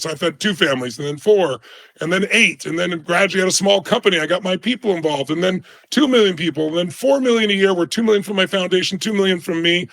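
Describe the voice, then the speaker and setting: A middle-aged man with a gravelly, fry-laden voice that sits a bit high for a man. He tells his story with emphasis and drama and acts out the quoted people. It is a guest's storytelling in an interview. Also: lively intonation, a little fast, fairly bright tone.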